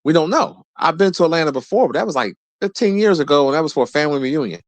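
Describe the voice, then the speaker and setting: A man in his forties telling a rambling, profane story in a casual rant, his voice jumping high whenever he quotes someone. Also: quick pace, dry recording. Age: 40s. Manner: profane, animated, jumps high when quoting people. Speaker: streamer host.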